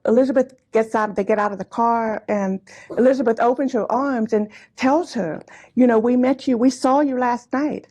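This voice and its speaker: A woman in her sixties telling personal family stories to a live audience in a chatty, laughing, aside-filled way. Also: a little high. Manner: chatty, warm anecdotes with frequent laughs and asides. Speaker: speaker at a commemorative gathering. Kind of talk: personal storytelling talk. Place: hall before a live audience.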